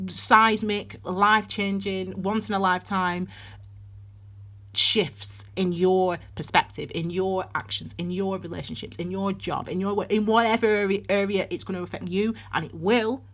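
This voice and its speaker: A woman's voice: mid-range voice, a bit bright. A woman giving a casual tarot and astrology reading, rambling and chatty with many restarts, calling her viewers darlings. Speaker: tarot reader.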